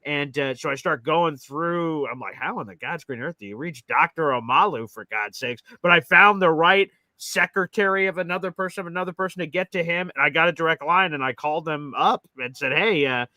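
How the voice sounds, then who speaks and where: Animated bright-voiced sports talk host. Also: male voice, fairly high pitch, fairly quick, hardly any pauses, no echo, poor audio. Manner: animated storyteller acting out quotes. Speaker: podcast host. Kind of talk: casual sports talk storytelling.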